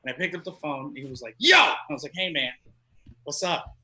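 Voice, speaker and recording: A man's voice: fairly high pitch, a little fast, bright, forceful tone, poor audio. A man performing a stand-up comedy set on a club stage, telling loose, profane stories and acting out the people in them. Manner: loose, profane storytelling with acted-out quotes.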